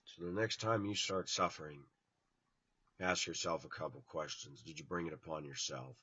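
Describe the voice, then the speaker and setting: Blunt, preachy man, bright lo-fi. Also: rumbling low, moderate pace, slightly rough, no echo. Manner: blunt, preachy, swings from loud to hushed. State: tired, yawning. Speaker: online preacher. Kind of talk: informal sermon to viewers.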